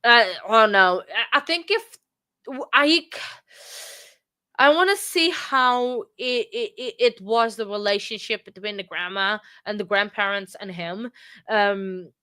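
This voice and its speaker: A woman hosting a true crime livestream, talking casually with many pauses, fillers and restarts. She moved to England from abroad. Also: medium pitch, bright, forceful tone, clean tone. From from outside England.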